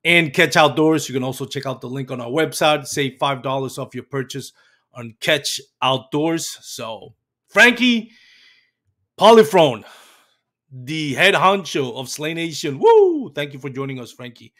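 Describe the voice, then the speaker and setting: A man's voice: mid-range voice, normal speed, sharp tone. A man hosting a fishing live show, reading sponsor notes and interviewing loosely, with "um" and "uh" fillers. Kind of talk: sponsor reads and casual interview.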